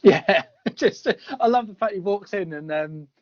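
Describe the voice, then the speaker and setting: Laughing frequently, a man co-hosting a podcast talks through a film in a casual review chat. He has a high voice and a measured pace, and the audio is dry and muffled, with no room sound.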